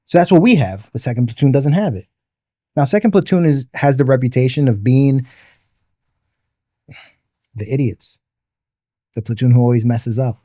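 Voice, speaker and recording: A mid-pitched man tells a hard personal story as a podcast guest. His tone is mellow and dark, and the studio sound is dry and close. He takes time to spell out military terms for the listeners. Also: lively intonation, moderate pace, long pauses, no echo. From the Bronx, New York. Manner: vivid narrator who explains terms patiently.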